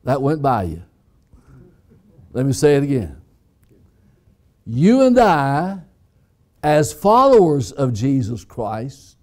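A man preaching a sermon as pastor, deliberate and emphatic, repeating key phrases. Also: on the high side, darkish tone. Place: church sanctuary.

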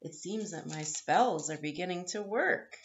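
A woman's voice: on the low side, animated, measured pace, a little hiss or hum, pitched below the performer's own voice. Woman voicing a sly scheming farm cat. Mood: smug. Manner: smug, scheming. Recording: echoey, slightly dull room.

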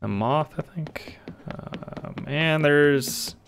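A woman's voice: low-pitched, drawn-out words, gravelly, heavy background noise. A woman streaming a video game, chatting casually, laughing easily and explaining how the game works. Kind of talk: casual chat while gaming.

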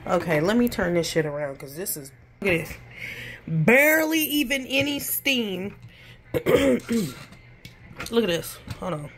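A woman's voice: mid-range voice, lively intonation, measured pace, pauses often, a bit bright, a little hiss or hum. A woman chatting bluntly in a casual home vlog from her kitchen, swearing freely and talking with her lips barely open. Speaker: vlogger.

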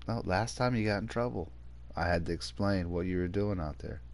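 A man's voice: deep voice, fairly quick. A man streaming a game, chatting casually with viewers and his pet. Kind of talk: casual livestream chat.

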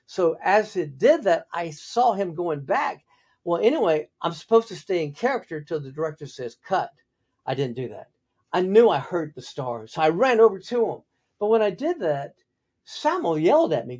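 Older male podcast host, husky storyteller who acts out the quotes. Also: dull audio. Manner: animated, acts out quotes with big pitch jumps. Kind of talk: storytelling monologue.

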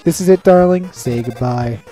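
A gamer voicing a flamboyant male robot TV star, reading the game's lines in a drawn-out, melodramatic way. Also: medium pitch, warm tone, soft background music, lightly acted. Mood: gloating. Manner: melodramatic, drawn-out theatrical delivery. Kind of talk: reading game dialogue aloud in voices.

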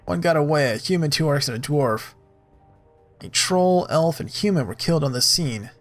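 A man hosting a let's play, reading game text aloud and thinking out loud in a relaxed, casual way. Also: fairly high pitch, moderate pace, faint music behind.

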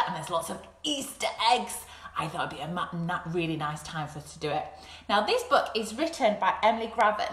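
Animated woman reading aloud to kids. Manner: animated, drops to soft whispers and squeaky sound effects. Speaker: children's storyteller. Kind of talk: live-streamed picture-book read-aloud for young children. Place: home kitchen. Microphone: camera set up in front of her. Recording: roomy home room echo.

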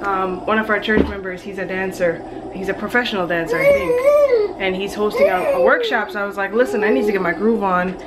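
A woman's voice: medium pitch, big pitch swings, fairly quick, heavy background noise. A young woman, a mother, chatting casually to the camera at home, slipping into playful sing-song talk with her small children. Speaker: family vlogger and mother. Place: at home in a bedroom.

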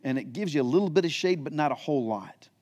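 A middle-aged American pastor preaches a sermon, retelling scripture in plain modern words with a storytelling manner. His voice sits a little high and moves fast and expressively, with a darkish tone on a lo-fi recording.

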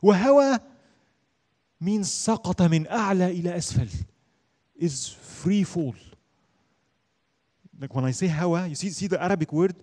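This Islamic studies teacher speaks emphatically to his religion class with lively intonation, often putting a question and answering it himself. He quickly recites Arabic verses in a voice that's high for a man but dark and mellow in tone.

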